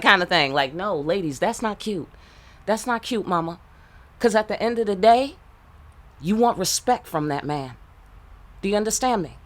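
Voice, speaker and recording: At medium pitch and normal speed, her fairly bright voice moves with lively intonation. She reads tarot casually, channeling blunt, profane relationship advice that's streetwise and full of rhetorical questions.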